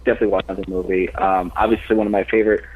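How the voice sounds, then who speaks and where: A man's voice: sits low, level tone, rapid-fire. Laid-back man on a tinny phone line. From United States. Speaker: podcast co-host. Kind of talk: casual podcast chat.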